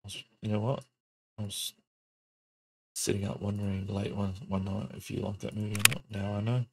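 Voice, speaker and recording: A man streams a shooter and chats loosely with his teammate, cracking jokes as he plays. His voice is low and gravelly. The mic picks up a lot of noise around him. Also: completely flat delivery, a little fast. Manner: joking, sings and does silly accents. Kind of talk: casual gaming stream chat. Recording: noisy home stream recording.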